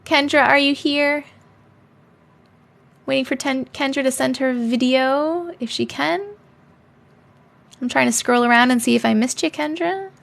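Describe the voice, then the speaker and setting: A woman with a high-pitched, gravelly voice and a fairly bright tone hosts a live stream, speaking a little slowly in a steady tone and pausing often. She reads viewer stories in a playful, chatty manner with sarcastic asides, using a desk microphone.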